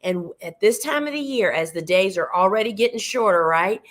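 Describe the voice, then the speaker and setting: A middle-aged woman chats her way through a live seed-starting demonstration. Her voice sits at a middle pitch and is going slightly hoarse. She talks homey and warm-hearted to her viewers as friends. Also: animated, brisk. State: losing her voice. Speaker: flower farmer hosting a live show. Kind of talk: casual live gardening demonstration.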